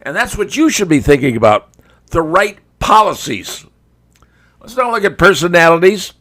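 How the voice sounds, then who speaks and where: High-voiced man giving folksy commentary. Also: sing-song, normal speed, fairly bright tone. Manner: folksy, conversational, addresses viewers as folks. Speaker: talk show host. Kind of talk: opinion commentary monologue.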